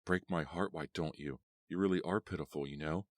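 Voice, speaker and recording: A cocky young female vampire with a sharp, mocking tongue, voiced by a man in an audiobook. Her lines come out very low and deep, with a dry, close sound and no room around them. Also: a little fast, no room sound. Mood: scornful. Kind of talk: audiobook character voice.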